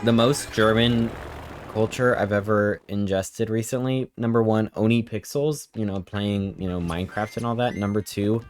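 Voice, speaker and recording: A woman's voice: very deep voice, steady tone, moderate pace, a little mellow. A woman streaming a game, chatting casually and joking with her viewers. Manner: joking, chatty, reacting to chat. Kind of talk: casual live-stream chat. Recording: game music playing behind.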